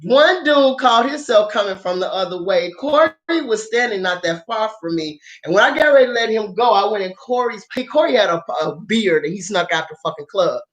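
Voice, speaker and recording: A woman from Chicago telling an animated, profane anecdote and laughing as she goes. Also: medium pitch, a little fast, hardly any pauses. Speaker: storyteller guest. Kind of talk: casual anecdote.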